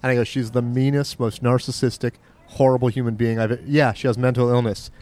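A man's voice: medium pitch, flat delivery, quick pace, darkish tone. A middle-aged man co-hosting a casual podcast chat, telling stories bluntly and with profanity. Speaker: podcast co-host.

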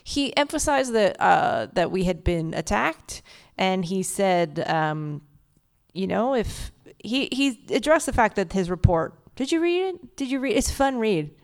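In front of a live audience, a woman co-hosts a comedy podcast with an expressive, creaky, medium-pitched voice and a slightly slow pace. She chats profanely and casually, dropping into silly voices now and then.

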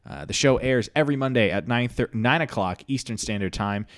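A man's voice: medium pitch, fairly quick, no room sound, clean studio sound. A man hosting a comedy podcast, telling a story in an easygoing, chatty way. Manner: easygoing, chatty, laughs often. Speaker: podcast host.

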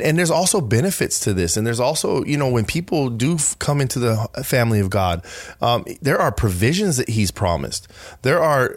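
A man co-hosting a Christian podcast, reading scripture aloud and breaking into excited, animated bursts. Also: mid-range voice, breathy edge, no room sound. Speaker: podcast co-host. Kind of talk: faith podcast conversation.

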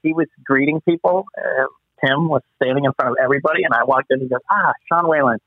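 A man telling animated stories as an interview guest, acting out the voices he quotes. His voice comes through slightly husky and very dry, with no room around it. It sounds squeezed into a narrow, phone-like band. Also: medium pitch, quick pace, no room sound. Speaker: actor guest. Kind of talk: casual interview anecdotes. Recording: muffled phone-line sound.

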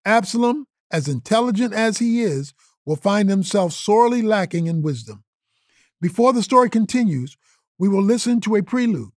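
A man's voice: high-pitched, expressive, normal speed, darkish tone, no echo, clean studio sound. A man giving an earnest scripted introduction to an episode of an audio drama series. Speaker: show host introducing the episode.

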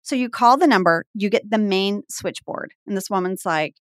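A woman's voice: mid-range voice, moderate pace, no echo, clean studio sound. A woman in her forties from Texas, guesting on a podcast and telling a story in casual chat, acting out the voices she quotes. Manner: animated, acts out quoted voices.

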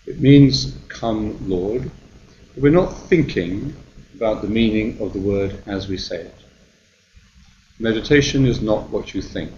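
A man who is a monk and meditation teacher gives a guided meditation talk, speaking calmly and gently with slow pauses. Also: fairly low pitch, lo-fi sound, slight background noise.

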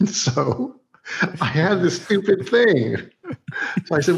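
A man, a TV director, telling a story from a film set in a relaxed way, acting out both sides of the dialogue and laughing often. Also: high-pitched, slow, creaky. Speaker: TV director, guest.

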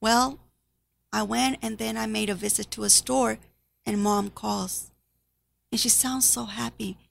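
Woman, nurse, personal testimony, gravelly, rather high, halting, emotional. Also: fairly even intonation. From Spanish-speaking background. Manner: emotional, halting, drops to near whisper at times.

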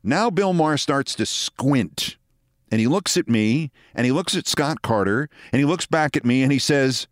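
A man in his sixties hosting a show, telling a story in a measured, dramatic way with wry asides. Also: medium pitch, expressive, no room sound, clean studio sound. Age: 60s. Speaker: host. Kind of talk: storytelling monologue.

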